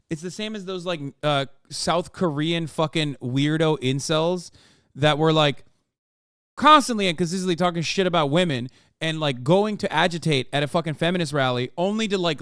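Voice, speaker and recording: A man hosting a livestream, reacting to a video with loud, profane, animated ranting. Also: a little high, clean tone, no room sound, studio quality. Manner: loud, profane, animated, mocks others in put-on voices.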